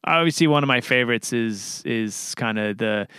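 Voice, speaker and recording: A man's voice: mid-range voice, moderate pace, pushed and bright, smooth, no echo, studio quality. A man co-hosting a film podcast, talking enthusiastically in rambling casual chat. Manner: rambling, many restarts and fillers, enthusiastic. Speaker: podcast co-host.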